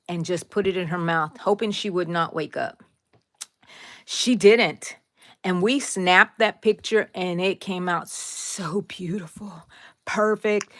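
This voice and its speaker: A woman's voice: lowish voice, fairly bright tone, no echo, clean studio sound. A middle-aged woman hosting a casual live crochet tutorial, chatting, drifting into side stories, and answering viewers by name.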